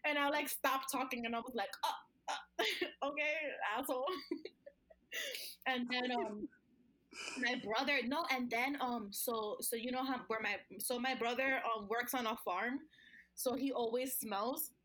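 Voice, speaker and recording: A woman with a high, bright voice chats casually as a podcast co-host. She rambles through her stories, laughs often and swears freely. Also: unhurried, low-quality recording. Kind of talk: casual storytelling chat.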